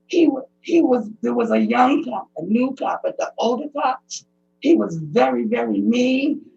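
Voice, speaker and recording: Emotional woman with a gravelly high voice. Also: expressive, mellow. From United States. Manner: emotional, pleading, halting speech. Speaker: public commenter at a hearing. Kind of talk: personal testimony. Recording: dull lo-fi recording.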